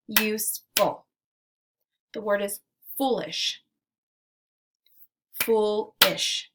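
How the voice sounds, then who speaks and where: A woman teacher leading a phonics lesson for young children, speaking in clear drill prompts with pauses for the class to repeat. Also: medium pitch, fairly bright tone, a little hiss or hum. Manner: slow, clear drill delivery with pauses for repetition.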